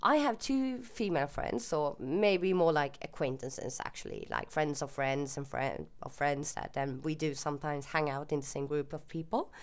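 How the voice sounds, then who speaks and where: Chatty Swedish woman, lowish voice. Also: expressive, moderate pace, hardly any pauses. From Sweden. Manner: chatty, rambling, self-deprecating. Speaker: vlogger. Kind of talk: casual chat to camera.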